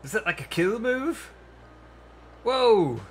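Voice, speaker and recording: A man commentating a survival building game as he plays, excitable and quick to yelp in panic or laugh at mishaps. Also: sits high, a little hiss or hum. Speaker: gaming channel host. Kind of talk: let's play commentary.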